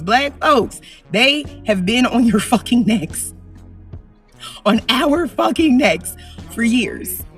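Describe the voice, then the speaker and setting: A woman vlogger delivers a heated opinion rant straight to camera, hammering her points by repeating them. She swings from low, deliberate lines to loud outbursts. Her voice sits a little back from the mic, with soft music playing behind her. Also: recorded from a distance.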